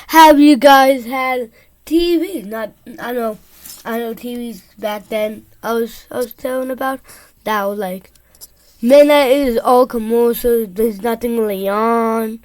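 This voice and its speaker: A woman reacting to a video in casual commentary, rambling and excitable with loud outbursts. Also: a little high, unhurried.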